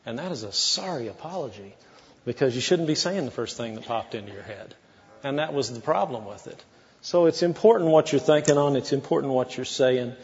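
A man's voice: mid-range voice, lively intonation, brisk, a little mellow, in a large hall, muffled recording. A man preaching a sermon as pastor, in a folksy, conversational way with asides to the congregation.

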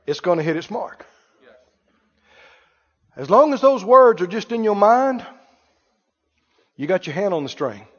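A man's voice: sits high, big pitch swings, measured pace, pauses often. A man preaching a sermon as pastor, talking conversationally and quizzing his congregation with questions. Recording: muffled, reverberant hall.

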